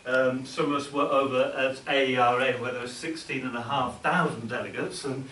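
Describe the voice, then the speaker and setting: A man presenting a seminar to an academic audience, talking informally and haltingly, often repeating words mid-sentence. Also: mid-range voice, steady tone, sharp tone. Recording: echoey room, distant mic, faint hiss.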